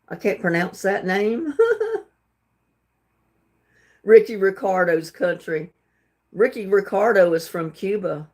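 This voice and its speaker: A woman's voice: medium pitch, takes it slowly, pauses often, darkish tone. A woman hosting a casual trivia livestream, reading questions aloud and chatting with viewers, laughing often and stumbling over words. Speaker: livestream host.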